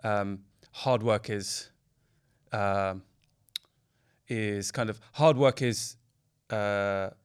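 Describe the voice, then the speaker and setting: A British man, a founder and podcast co-host, talking in casual chat and working through his thoughts with pauses. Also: fairly low pitch, clear, resonant tone. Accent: British English. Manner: thoughtful, hesitant when explaining.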